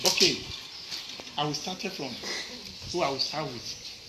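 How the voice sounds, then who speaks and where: A man's voice: a little high, a little slow, very noisy. Questioning man preaching. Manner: questioning, repetitive tag questions, Nigerian Pidgin. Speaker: pastor. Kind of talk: sermon questioning children and congregants.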